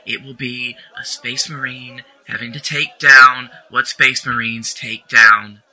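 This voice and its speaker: Very bright, angry man. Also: medium pitch, steady tone, slow pace, low-quality recording. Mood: stern. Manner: angry, clipped, stern. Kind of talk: audio drama acting.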